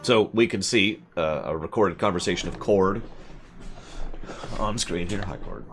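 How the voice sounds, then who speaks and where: A man's voice: low-pitched, unhurried, music in the background. A man giving casual, rambling let's-play commentary on a game stream, often self-deprecating.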